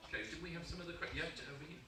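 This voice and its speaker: Joking man in a booming hall. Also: racing, a loud crowd. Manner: joking, hesitant. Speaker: panel guest hosting questions. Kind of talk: convention panel chat. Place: large convention hall. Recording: echoey hall, distant mic, loud noise.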